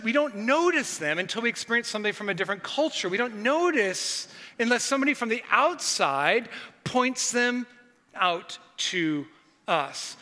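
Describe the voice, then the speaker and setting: A middle-aged man delivers a sermon, his voice high and bright as he acts out the stories he tells. The room has a long, lingering reverb, like a church sanctuary. He shifts easily between casual anecdote and preaching. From northern United States. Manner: animated storytelling with acted-out quotes. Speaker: pastor.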